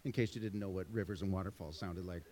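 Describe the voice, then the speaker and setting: A man's voice: low voice, fast talker, background noise. Middle-aged male pastor, echoing hall. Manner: storytelling, self-deprecating asides. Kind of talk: sermon.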